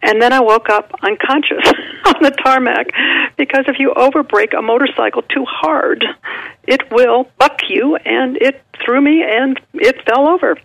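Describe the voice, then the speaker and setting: A woman around sixty, a guest author on a radio interview, telling a personal story in a lively way and acting out the voices of people she quotes. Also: sits high, moderate pace, gravelly, no echo, low-quality recording.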